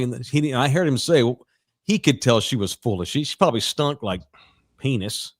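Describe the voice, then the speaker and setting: A man's voice: mid-range voice, brisk. A man in his forties, a podcast co-host, telling a long crude anecdote in a casual, rambling way with plenty of profanity. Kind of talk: casual sports podcast storytelling.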